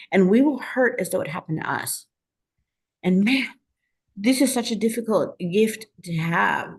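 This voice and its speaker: A woman's voice: fairly low pitch, vocal fry. A woman coach teaching an online class, speaking earnestly and emphatically and telling personal stories to make her points. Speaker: self-help coach and teacher.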